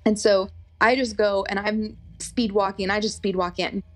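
A woman's voice: medium pitch, normal speed. A young woman telling a personal story in a casual, chatty way, full of fillers. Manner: animated, chatty, lots of fillers.

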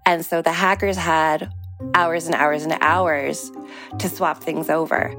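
A woman's voice: low-pitched, fairly even intonation, slow, music in the background. A woman in her thirties, an interview guest, telling a personal story in a conversational way and briefly acting out the people she quotes.

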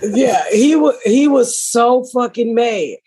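Husky animated woman host. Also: a little high, takes it slowly. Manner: animated, profane retelling with acted quotes. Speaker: podcast host. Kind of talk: casual storytelling.

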